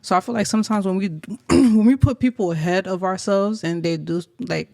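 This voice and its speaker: A man's voice: high voice, normal speed, creaky, darkish tone, no room sound, studio quality. A man co-hosting a podcast, talking in a laid-back, reflective way with casual slang. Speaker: podcast co-host. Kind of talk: casual chat.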